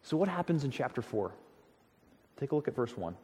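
Emphatic pastor preaching in a reverberant hall. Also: male voice, mid-range voice, fairly quick. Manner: expressive, emphatic storytelling with stammered restarts. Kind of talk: sermon.

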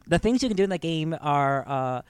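A man co-hosting a podcast in casual chat, telling stories in a rambling, animated way with many fillers. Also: on the high side, fairly quick, clear, resonant tone, dry recording. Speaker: podcast co-host.

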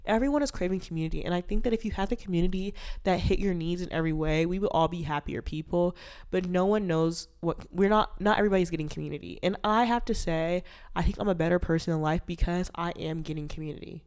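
A young woman hosts her own podcast solo, talking candidly and playfully. Her voice sits a bit low for a woman. A stuffy nose from allergies colors her speech. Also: quick pace, clear, resonant tone. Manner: chatty, candid and playful, with bursts of loud laughter and sung lines. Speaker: podcast host. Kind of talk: casual solo podcast chat.

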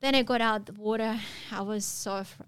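Speaking as a guest in a relaxed storytelling interview, a Russian woman uses a mid-range, fairly even, clean-toned voice. She pauses often and her non-native phrasing halts, all captured in a dry recording.

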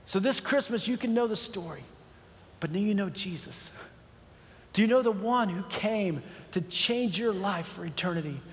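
A man's voice: sits high, expressive, moderate pace. A middle-aged man pastor telling a personal story in a sermon, earnest and building to emphatic preaching. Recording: long hall reverb.

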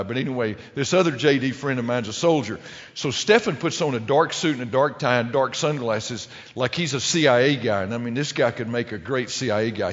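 A middle-aged man telling a humorous story to a live audience, rambling and restarting his sentences often. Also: mid-range voice. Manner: rambling, with many restarts and stumbles. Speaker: public speaker telling a story. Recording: lo-fi recording with long hall reverb.

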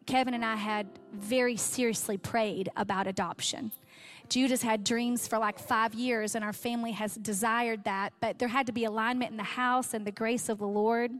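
A woman giving a heartfelt sermon testimony, her voice catching with emotion as she tells her story. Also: fairly high pitch.

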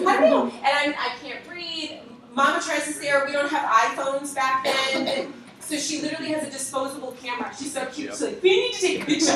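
A woman with a fairly high voice tells an animated testimony, excitable and quick to laugh as she acts out the people she quotes. She sounds distant from the mic in a very echoey room with a faint hiss behind her. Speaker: speaker telling a testimony.

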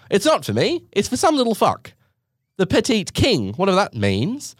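A man telling a story in a casual storytime monologue, his pitch leaping all over the place as he mocks what happened. He is sarcastic and theatrical and swears without a second thought. The sound is close and dry, with no room around it. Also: normal speed, dry recording. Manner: animated, sarcastic and dramatic, swears freely.

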